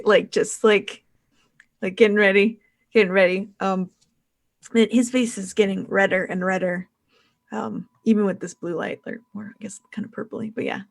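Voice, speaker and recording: A woman's voice: mid-range voice, little pitch movement, moderate pace, vocal fry. Woman game master narrating a tabletop game. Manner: rambling, many fillers and restarts.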